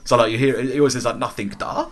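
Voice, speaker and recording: A man's voice: medium pitch, level tone, racing, slight background noise. A young man chatting enthusiastically about comics, rambling with lots of fillers and restarts. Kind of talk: casual chat about comics.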